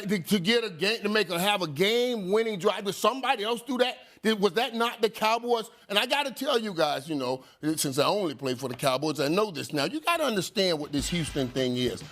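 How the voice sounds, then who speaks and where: Excitable high-voiced male sports analyst. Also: brisk, few pauses. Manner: excitable, stammers with repeated "and". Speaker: sports analyst, former player. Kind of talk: heated sports debate.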